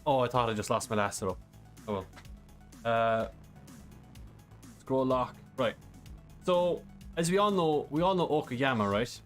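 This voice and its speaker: With long pauses and an unhurried, medium-pitched voice, a man streams a driving game against soft background music. He reads out chat questions and describes a track casually, rambling and leaning on fillers.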